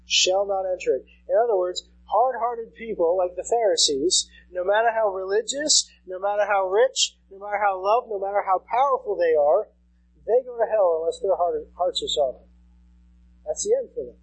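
A man's voice: high-pitched, moderate pace, breathy edge, low-quality recording. A man in his thirties preaching a sermon as pastor, conversational and repeating key phrases for emphasis. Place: church sanctuary.

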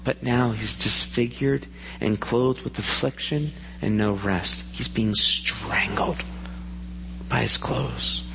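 A man's voice: mid-range voice, slow pace, creaky, pushed and bright, slight background noise. Earnest man preaching in a church hall. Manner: earnest, asks the congregation questions. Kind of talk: sermon. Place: church sanctuary.

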